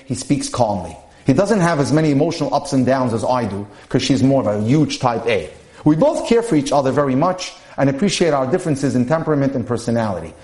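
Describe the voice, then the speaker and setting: A man reading marriage case studies aloud on a podcast, in a measured way, with asides to his listeners. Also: mid-range voice, a little mellow, echoey room. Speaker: podcast speaker on dating and marriage.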